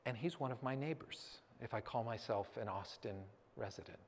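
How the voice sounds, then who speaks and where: A man's voice: mid-range voice, moderate pace, a little hiss or hum. A man in his thirties telling a personal story to a church audience, acting out the scene vividly and then turning earnest and reflective. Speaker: speaker addressing a church audience. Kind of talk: personal story told from a stage. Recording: long hall reverb.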